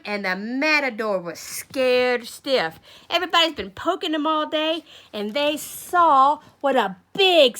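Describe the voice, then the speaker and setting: A woman school coach reads a picture book aloud for young children in a high, bright-toned voice. She takes her time over the words, animated and playful, stopping to call on children by name. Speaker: school coach reading to a class.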